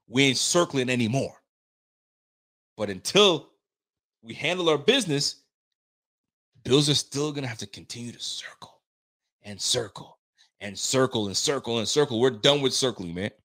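A man hosting a live stream and reading viewer comments in casual, slangy fan chat, swearing freely and getting himself worked up with excitement. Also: mid-range voice, moderate pace, long pauses.

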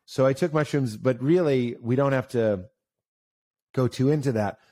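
A man chatting casually tells stories with animation at a normal speed, his tone warm and the sound free of echo. He often leaps up in pitch for emphasis and acts out the voices of the people he quotes.

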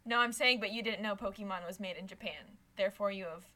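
Bright-voiced woman co-hosting a chat. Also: mid-range voice, quick pace. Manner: playful, teasing. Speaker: podcast co-host. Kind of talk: casual chat.

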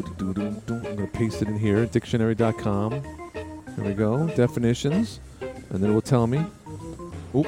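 A man hosting a talk radio show, rambling and tripping over his words, often cutting callers off. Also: lowish voice. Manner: interrupts callers. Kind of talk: casual talk radio chat.

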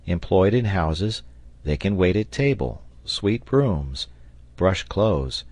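A man narrating an audiobook in a steady, even storytelling manner on a close mic. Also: low voice, takes it slowly, dry recording. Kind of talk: scripted narration.

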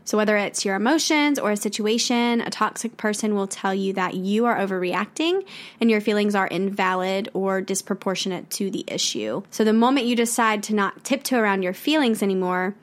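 A young woman with a mid-pitched voice co-hosts a casual podcast. She is chatty and supportive, tossing in quick asides full of fillers. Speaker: podcast co-host. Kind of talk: casual chat.

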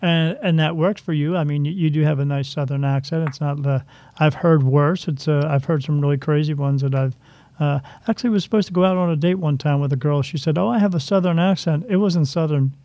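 Gravelly-voiced man chatting casually. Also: a little high, fairly quick, dark tone, no echo. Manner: rambling, joking, many restarts. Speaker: podcast host. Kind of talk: casual chat. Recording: dull lo-fi dry sound.

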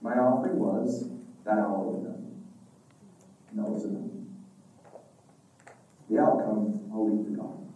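Middle-aged male religious teacher, animated storyteller, recorded from a distance in a large echoey classroom. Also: on the low side, measured pace, pauses often. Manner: animated storytelling, acting out dialogues. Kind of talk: devotional class talk. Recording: echoey room from far off.

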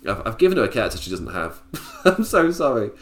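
A man's voice: mid-range voice, big pitch swings, fast, reverberant. A man giving a casual, chatty review of a wrestling show. He laughs often and talks in loose, filler-heavy bursts. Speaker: wrestling podcaster.

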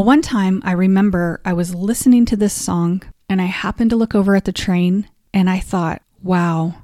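Woman podcast host, middle pitch, confessional storyteller, dry close recording. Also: warm tone, no room sound. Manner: heartfelt and confessional; openly emotional at times. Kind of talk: personal storytelling monologue.

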